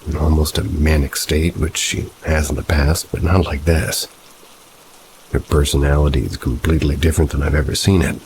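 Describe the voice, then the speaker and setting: A man narrating first-person horror stories in a low, steady, measured reading. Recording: soft rain noise behind. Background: rain.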